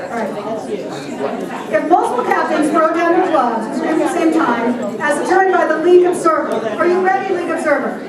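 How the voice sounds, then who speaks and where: A woman's voice: very high-pitched, lively intonation, fairly quick. An older woman hosting a group game, reading out the rules in a playful way. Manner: playful, reads rules aloud. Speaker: event host. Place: large hall with an audience. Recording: echoey hall from far off, crowd noise.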